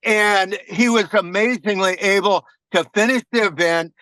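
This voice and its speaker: A man shares takeaways in a team meeting, with an earnest, motivational storytelling manner. His voice sits high and sounds bright and forceful, and the recording is dry, with no room echo. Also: measured pace. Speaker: meeting participant. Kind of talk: casual sharing in a team meeting.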